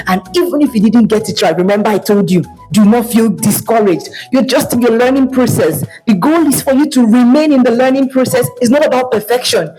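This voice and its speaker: A woman's voice: medium pitch, animated, brisk, mellow, faint music behind. Encouraging woman teaching tones. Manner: encouraging, drills words with sliding tones. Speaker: Igbo language teacher for children. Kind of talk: online language lesson.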